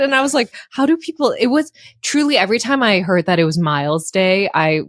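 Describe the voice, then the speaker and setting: A young woman trades teasing banter as a podcast co-host. Her voice sits at a middle pitch and sounds close and dry. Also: brisk, no room sound. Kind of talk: casual chat.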